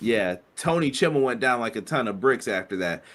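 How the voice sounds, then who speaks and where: A man in his thirties co-hosting a casual wrestling podcast, telling animated stories and acting out quotes. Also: medium pitch, a little fast, over a noisy crowd. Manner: animated storyteller, acts out quotes. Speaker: podcast co-host.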